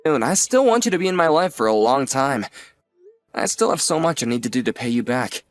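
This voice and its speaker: Actor as an earnest young man in his twenties, average pitch, sincere and grateful. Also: expressive, a little fast, natural voice. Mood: heartfelt. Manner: sincere, gently teasing. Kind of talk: audio drama acting.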